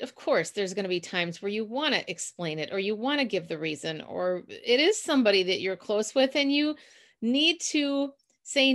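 A woman's voice: mid-range voice, a bit bright. A woman with a Minnesotan accent, hosting a chatty motivational talk for listeners and laughing at herself now and then. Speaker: podcast host.

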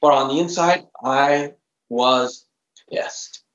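A man in his fifties, a trainer guesting on a podcast, tells a story with animated emphasis and acts out the dialogue in his own voice. His voice sits a little high for a man. The recording sounds roomy and a bit dull. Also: normal speed.

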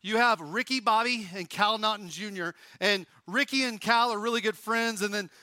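A high, bright-toned male pastor from Oklahoma delivering a sermon on stage. He is animated, rising loud and dropping to a hush. The sound is close and dry, with no room echo. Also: normal speed. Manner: animated, swings from loud to hushed.

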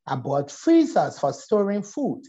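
A woman's voice: medium pitch, measured pace. A middle-aged woman from Liberia with a Liberian accent, a poet telling a story as a guest in a conversation and acting out the voices in it. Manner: animated, acts out voices in her stories. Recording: dull lo-fi audio.

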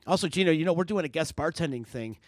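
Dry-voiced energetic podcast host man. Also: on the high side, fast talker, dry recording. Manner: energetic, plugs events loudly. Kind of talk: casual promo chat.

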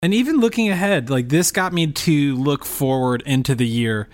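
A man co-hosting a casual podcast, quick and jokey as he talks through picks. His voice sits a little high for a man, and he keeps an easy, animated flow. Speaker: podcast co-host. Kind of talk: casual chat.

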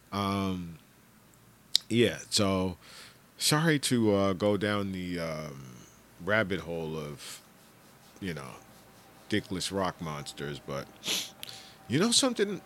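A middle-aged man hosting a podcast, rambling in casual chat, laughing and swearing, with bursts of shouted impressions. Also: lowish voice. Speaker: podcast host.

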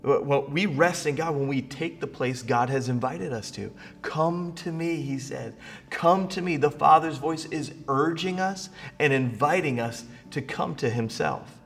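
A middle-aged man preaching a sermon as pastor, moving from quiet storytelling to rising, emphatic preaching. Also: mid-range voice, moderate pace, creaky, few pauses, faint music behind. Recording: long reverb of a large hall.

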